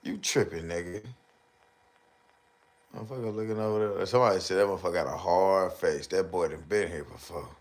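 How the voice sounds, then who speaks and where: A man with commentating a live stream, ranting and joking loudly with slang and mocking put-on voices. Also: deep voice, a little fast. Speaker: streamer reacting to videos.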